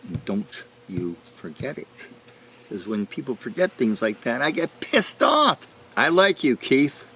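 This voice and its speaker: An actor playing a foul-mouthed, short-tempered recluse who talks in a threatening way. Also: male voice, mid-range voice, very animated, measured pace, a bit bright, a little hiss or hum. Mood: menacing. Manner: threatening, profane, growling. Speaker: interview subject in a mockumentary.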